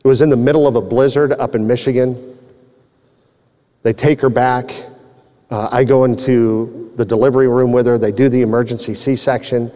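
Male preacher, mid-range pitch, earnest testimony delivery, mellow tone in a reverberant hall. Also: fairly even intonation, normal speed. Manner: earnest, emotional storyteller. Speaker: preacher telling his testimony. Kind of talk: personal testimony sermon. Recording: long reverb in a large hall.

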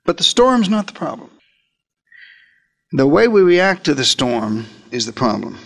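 Male preacher, high voice, dramatic pulpit delivery with slowed quoted lines. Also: big pitch swings, creaky, fairly bright tone. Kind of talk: sermon.

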